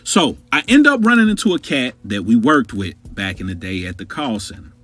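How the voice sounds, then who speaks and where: A man telling a wild personal story on his podcast, with a husky voice that swings up and down. He talks straight to his listeners, loose and profane. Faint music plays under him. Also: mid-range voice, brisk. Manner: animated, profane, conversational. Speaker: podcast host.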